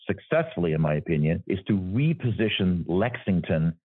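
A man's voice: low-pitched, very animated, normal speed, husky, no room sound. A man working as an insurance executive, explaining his business in an interview and often checking in with "right?". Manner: explanatory, tags points with "right?". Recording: dry, phone-like remote audio.

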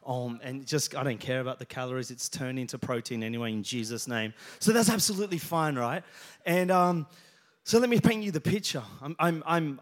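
A man's voice: medium pitch, a bit bright. A man, preaching a sermon and telling funny stories to his congregation. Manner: joking storyteller, talks to the congregation by name. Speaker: pastor. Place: church hall with congregation.

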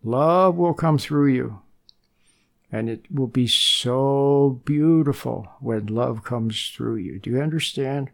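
An older man giving a slow, gentle spiritual talk on meditation, his delivery calm and soothing. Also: mid-range voice, creaky. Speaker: meditation teacher.

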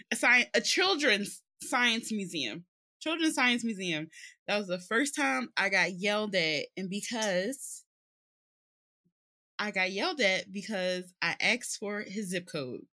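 A woman's voice: medium pitch, takes it slowly. A woman co-hosting a podcast, telling stories expressively in casual chat. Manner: expressive, laughing storyteller.

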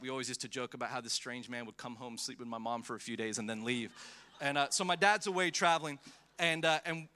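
Man, pastor, 30s, sermon, animated storytelling, very bright tone, slightly high voice, church. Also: clean tone. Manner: animated, conversational, lots of restarts and acted-out quotes.

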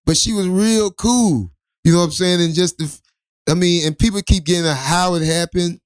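Man, casual rambling storyteller, raised pitch, dry close mic. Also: a little fast, clear, resonant tone, no room sound. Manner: loose, profane, rambling storyteller with many restarts. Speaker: co-host.

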